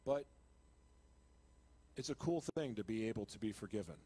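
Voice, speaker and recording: A man giving an emotional, confessional Christian testimony on live television. He speaks earnestly, with restarts and laughs at himself, and grows loud and impassioned. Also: lowish voice, lively intonation, normal speed, breathy edge. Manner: grows loud and impassioned when retelling his conversion. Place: television studio.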